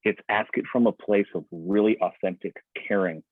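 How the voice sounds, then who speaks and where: A man's voice: lowish voice, steady tone, normal speed, no echo. A man coaching on a video call in a conversational way, acting out quoted speech in other voices. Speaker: sales trainer. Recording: tinny phone-like line, dry.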